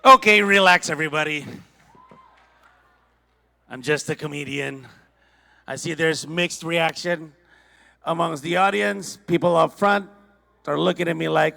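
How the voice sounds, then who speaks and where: Indonesian guy doing standup, highish gravelly voice, deadpan jokes and crowd work, live on a stage mic. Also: measured pace, long pauses. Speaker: stand-up comedian. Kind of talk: stand-up comedy set. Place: large conference hall with audience.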